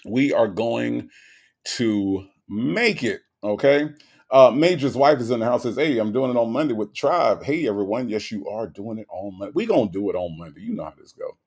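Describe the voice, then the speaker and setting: A man's voice: medium pitch, expressive, moderate pace, a little mellow. A man hosting a casual livestream, greeting viewers by name and reading their chat messages aloud. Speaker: livestream host.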